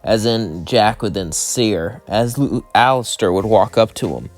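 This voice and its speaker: Low-voiced man rambling through a story. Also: measured pace, faint music behind. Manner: rambling, loosely strung clauses. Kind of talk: casual fan-fiction narration.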